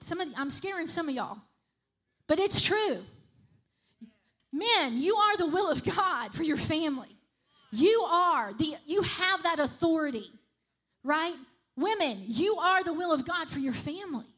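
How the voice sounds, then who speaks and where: A woman's voice: extremely high pitch, animated, measured pace, long pauses, a bit bright. A woman preaching a sermon in a conversational way, often checking in with the congregation. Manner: conversational, repeats "right?" and "okay?" to the congregation.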